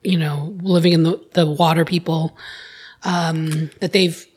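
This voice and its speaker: A woman taking part in a casual podcast chat, speaking in a measured, deliberate way. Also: low-pitched, fairly even intonation, a little mellow, breathy edge.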